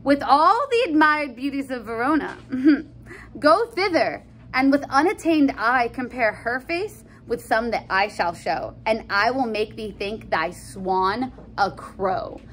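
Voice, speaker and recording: A sly young man coaxing his friend toward a feast, knowing and playful, read aloud by a woman. The voice sits fairly high with a teasing lilt. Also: animated, measured pace, fairly bright tone, slight background noise.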